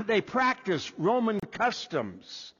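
A man preaching a sermon as pastor, deliberate and restarting his first words. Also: sits high, sing-song, fairly bright tone, breathy edge. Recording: dull lo-fi echoey hall.

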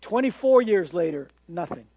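High-voiced animated male preacher. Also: normal speed, no room sound. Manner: animated, acts out quoted voices, repeats words when excited. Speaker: pastor. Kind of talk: sermon.

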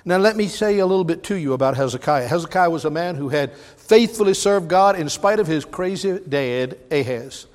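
High-voiced joking preacher in a reverberant hall. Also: male voice, lively intonation, fairly quick, darkish tone. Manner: joking, folksy asides. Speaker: substitute preacher. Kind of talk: sermon.

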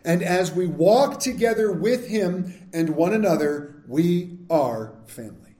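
Male pastor, conversational sermon, mellow tone, roomy sanctuary echo. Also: high-pitched, expressive, unhurried. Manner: candid, self-deprecating, conversational. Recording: echoey church sanctuary.

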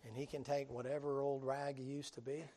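A man preaching in a folksy drawl. He tells his story in an animated way, acts out the people in it, and now and then bursts out loudly. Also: mid-range voice, fairly quick. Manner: folksy, animated storytelling with acted-out voices and sudden loud bursts. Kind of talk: storytelling sermon.

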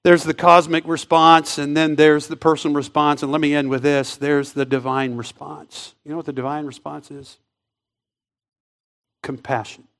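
A man preaching a sermon in a church, swinging between loud emphatic lines and hushed, drawn-out phrases. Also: a little high. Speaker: pastor.

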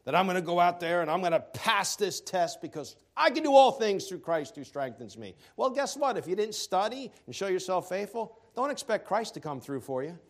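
Male pastor, high voice, animated sermon delivery with joking asides. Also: a little fast, hardly any pauses. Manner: animated preaching, swings from loud emphasis to quiet asides.

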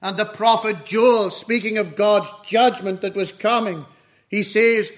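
A man preaching an expository sermon in a measured, solemn way. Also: high-pitched. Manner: slow, measured, solemn doctrinal delivery.

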